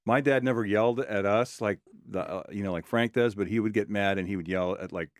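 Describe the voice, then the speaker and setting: A man chatting as a studio guest, a TV writer with a rather low voice. He tells stories freely and acts out the people in them, in a dry, close studio sound. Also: a little fast, no echo. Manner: storytelling, acts out quotes. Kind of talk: casual chat as studio guest.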